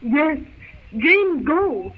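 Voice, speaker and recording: Brief: lost young woman, halting simple words, high voice, scratchy radio hiss. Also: sing-song, heavily acted. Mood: pleading. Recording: tinny old radio broadcast.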